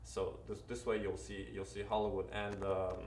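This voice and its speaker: A man's voice: low-pitched, little pitch movement, normal speed, darkish tone, echoey room, far from the mic, a little hiss or hum. A man with a Ukrainian accent, an actor giving earnest advice in an interview, often restarting his sentences. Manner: earnest, advising, with many restarts. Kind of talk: casual interview talk.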